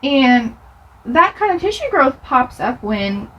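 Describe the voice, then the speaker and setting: A woman's voice: high voice, sing-song, slow, a bit bright, muffled recording, slight background noise. A young woman chatting through a get-ready-with-me storytime as she does her makeup, rambling with laughs and asides. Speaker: beauty vlogger.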